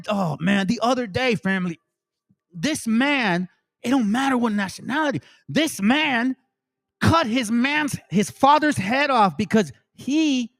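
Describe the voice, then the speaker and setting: Impassioned male streamer, fairly high voice, slangy, preachy, emotional. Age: adult. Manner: emotional, preachy, slangy, repeats "man" and "bro". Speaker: streamer and religious commentator. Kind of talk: impassioned livestream commentary.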